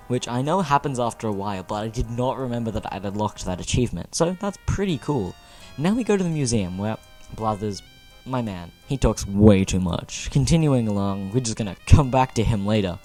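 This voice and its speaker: A young man giving casual, animated commentary over his own gameplay, joking with exaggerated dismay. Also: medium pitch. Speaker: gaming video host.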